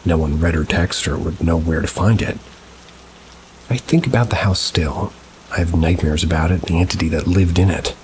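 A man reading true paranormal stories aloud in a measured, somber storytelling manner with dry asides. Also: sits low, background noise. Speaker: story narrator. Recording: steady rain sounds behind the voice. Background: rain ambience.

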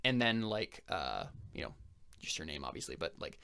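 A young man running a tabletop game as game master, telling the scene in a casual, halting way full of fillers. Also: extremely low pitch, sing-song, vocal fry, bright, forceful tone, clear, resonant tone. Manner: halting, filler-heavy storytelling.

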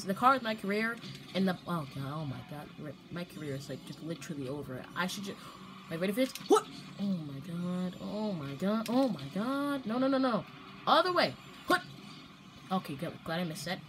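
A young woman commentating her own gameplay, playful and prone to loud outbursts and strings of repeated protests. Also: fairly low pitch, very animated, a little fast, noisy background. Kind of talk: excited gaming commentary.

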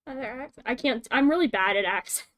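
A woman streamer chats casually with a guest and keeps breaking into giggles. She rambles, restarts her sentences and jumps between thoughts. Her voice sits a little higher than most women's. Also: animated, fast talker, a bit bright. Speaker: streamer host. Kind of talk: casual chat.

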